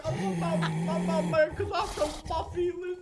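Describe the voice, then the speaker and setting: Someone doing a squeaky possessed old aunt. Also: very animated, measured pace, heavy background noise. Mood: demonic. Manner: squeaky high put-on voice.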